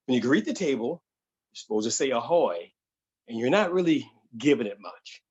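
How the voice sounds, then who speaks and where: A man's voice: mid-range voice, sing-song, normal speed, darkish tone, breathy edge, muffled recording. A man doing a pushy restaurant manager. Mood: coaxing. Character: pushy male restaurant manager, middle-aged.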